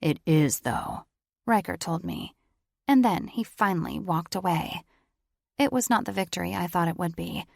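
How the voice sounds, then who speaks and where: A woman reads a first-person audiobook in a low voice with a gravelly fry. The delivery is plain and even, and the recording is dry and close. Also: moderate pace, dry recording. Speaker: audiobook narrator.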